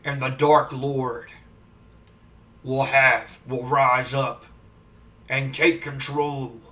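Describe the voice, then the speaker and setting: A man putting on the voice of a menacing undertaker wrestler, drawing out his threats low and slow. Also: flat delivery, a bit bright, far from the mic.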